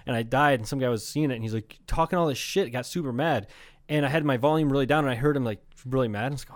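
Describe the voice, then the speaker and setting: A man's voice: mid-range voice, very fast, no echo. A man co-hosting a comedy podcast, chatting casually and rambling, swearing freely. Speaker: podcast co-host. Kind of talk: casual chat.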